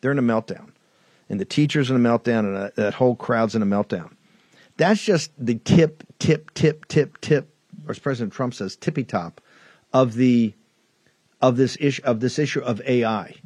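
A man's voice: medium pitch, brisk, darkish tone, no room sound. A man hosting a political talk show, talking in an emphatic, rambling way that repeats words. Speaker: show host.

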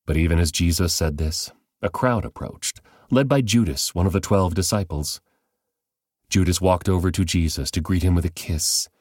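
A man reading a Bible passage aloud as measured, scripted narration. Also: deep voice, darkish tone, breathy edge, no echo, clean studio sound. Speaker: Bible reader.

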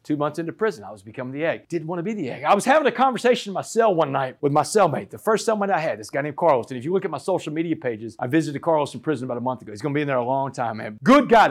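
Male keynote speaker, rapid and emphatic, storytelling to a crowd. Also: a little high. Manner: emphatic, storytelling, addresses audience directly. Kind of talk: motivational speech.

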